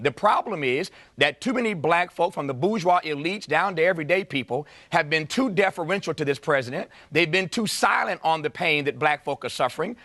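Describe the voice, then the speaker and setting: A man's voice: on the high side, bright, forceful tone, dry recording. A man interviewing a congresswoman on TV, impassioned and building his point through repeated rhetorical questions. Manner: impassioned, preacher-like rhetorical repetition.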